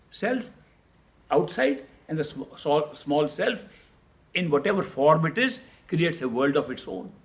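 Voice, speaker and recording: A man as a spiritual teacher giving a discourse, emphatic, repeating key words and posing rhetorical questions. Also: on the high side.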